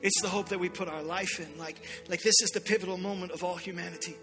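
A man's voice: sits high, steady tone, fast, sharp tone, faint music behind. A man preaching a sermon to a church congregation, urgent and impassioned. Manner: impassioned preaching, acting out God's voice in quotes. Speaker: pastor.

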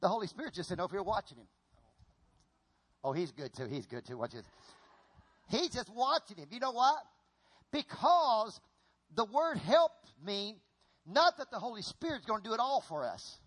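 A middle-aged man preaching a sermon in an animated, folksy way, often repeating himself as he acts out an example on stage. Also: high voice, normal speed, pauses often, slightly rough.

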